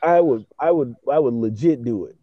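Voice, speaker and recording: Rambling, excitable young man with a dull lo-fi sound. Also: mid-range voice, normal speed, no room sound. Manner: excitable, slangy, profane, constant fillers. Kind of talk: casual chat.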